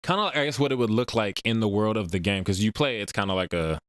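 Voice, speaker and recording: Low, smooth man in easy film chat. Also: fast, no room sound, clean studio sound. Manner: relaxed, agreeable, lots of backchannel. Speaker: podcast co-host. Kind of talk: casual movie review chat.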